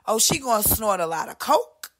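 A woman hosting a podcast, delivering a profane, brash monologue rant and slipping in quick impressions of other people. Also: a little high, sing-song. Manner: profane, brash, swings loud and soft, voices other people mid-rant. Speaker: podcast host.

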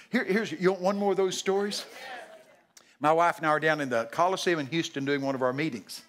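An older preacher spins folksy stories from the pulpit in a voice that sits a little high for a man. He keeps it lively, suddenly shouting out the lines of the people he describes. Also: fairly quick. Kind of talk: storytelling sermon. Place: large church hall.

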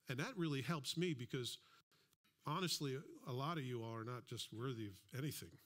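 A man's voice: mid-range voice, fairly bright tone. A man preaching a sermon as a pastor, in a conversational style with asides and acted-out quotes. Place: church.

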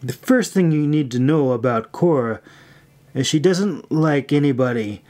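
A man's voice: fairly high pitch, lively intonation, a little slow, darkish tone. A man voicing a stern, cold young woman mentor in a fantasy story, giving curt orders.

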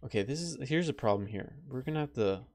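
A man talking through his own survival gameplay in a middle-pitched, casual voice. He rambles at an easy pace, then panics into sudden high-pitched yelps. A faint hiss sits under the recording. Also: quick pace. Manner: chatty, excitable, breaks into high-pitched yelps. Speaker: gameplay let's player.

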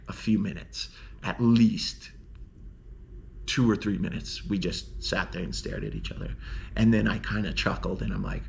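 A man, a snowboarder, telling a personal story in an earnest, rambling way, full of "like" and restarts, and ending with warm encouragement. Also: lowish voice, sing-song, moderate pace, gravelly, a little hiss or hum. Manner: heartfelt, encouraging. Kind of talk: casual storytelling monologue.

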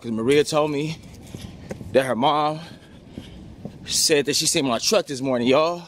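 A man's voice: a little high, a little slow, long pauses. A man vlogging in a frantic, pleading and outraged way, swearing often. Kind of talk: frantic vlog monologue. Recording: loud background noise.

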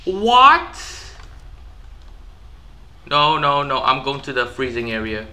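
A man giving live gameplay commentary, excitable and easily frustrated, with sudden yelps and outbursts. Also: mid-range voice, normal speed. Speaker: gaming YouTuber.

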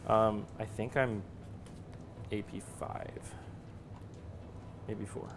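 A man's voice: lowish voice, steady tone, extremely slow, background noise. A man playing in a live tabletop wargame stream, thinking aloud as he tallies shots, hits and damage with many small hesitations. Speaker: guest player. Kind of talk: casual play-by-play of a tabletop wargame.

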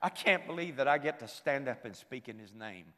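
An older man preaching a sermon at a camp meeting, moving emotionally between quiet reflection and loud, fervent exhortation. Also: mid-range voice, expressive, brisk. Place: large hall at a church camp meeting. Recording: reverberant hall.

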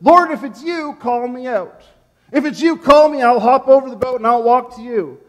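An overeager disciple , put on by a preacher, rushes his words out, emphatic and sure of himself. The voice sits high and bright for a man. A long church reverb trails each phrase. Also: big pitch swings. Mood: eager. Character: impulsive eager male disciple, overconfident.

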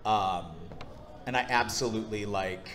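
Animated male voice actor at a panel. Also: on the low side, moderate pace. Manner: animated storyteller, slips into impressions. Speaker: voice actor guest. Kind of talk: convention panel conversation.

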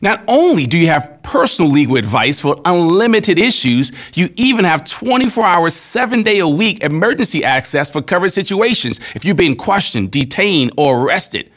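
A man's voice: fairly high pitch, sing-song, normal speed, few pauses, a bit bright. A man in his thirties speaking as a company spokesman, telling personal stories in an earnest, conversational way for a promotional video. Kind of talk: promotional testimonial talk.

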